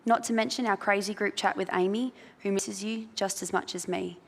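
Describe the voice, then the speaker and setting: An Australian woman, a funeral celebrant, reading a eulogy aloud in a soft, measured way in a crematorium chapel. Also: medium pitch, fairly even intonation, creaky. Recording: reverberant chapel.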